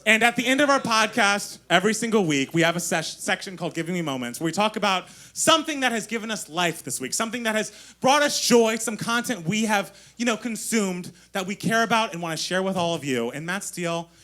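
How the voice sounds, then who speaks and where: A man co-hosting a podcast live on stage, talking in a gushing, excitable way and laughing often. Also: sits high, brisk, hardly any pauses. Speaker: podcast co-host. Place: live stage before an audience.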